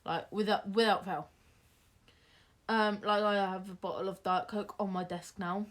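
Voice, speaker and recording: Slow-talking young woman vlogger. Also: medium pitch, steady tone. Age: young adult. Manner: chatty, rambling with many fillers. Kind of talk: casual Q&A chat.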